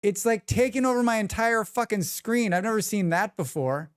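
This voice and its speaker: A man's voice: high voice, expressive, moderate pace, smooth, no room sound, clean studio sound. A man streaming live, chatting casually and joking with his chat. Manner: rambling, joking, reacts to chat.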